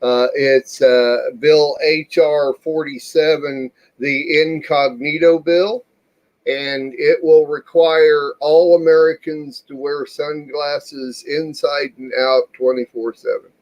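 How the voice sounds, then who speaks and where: A male co-host who talks slowly in a slightly high voice. He drops dry, teasing one-liners into casual banter. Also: steady tone, darkish tone, highs cut off. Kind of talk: casual talk-show banter.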